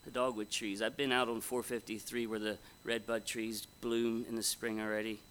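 A man's voice: on the low side, little pitch movement, moderate pace, a bit bright, a little hiss or hum. A man preaching a conversational, folksy sermon at a Bible conference, often asking his audience questions. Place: conference hall before an audience.

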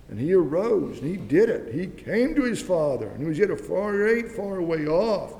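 A man preaching a fervent, pleading sermon, swinging between loud and hushed. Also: sing-song, normal speed, vocal fry, few pauses. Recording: long reverb, faint rumble.

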